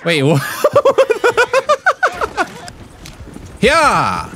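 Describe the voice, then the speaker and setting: A man giving comedic gameplay commentary as a YouTuber, goofing around and yelling playful threats at other players. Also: sits high, huge pitch swings, slow pace, pauses often, slight background noise. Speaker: gaming YouTuber.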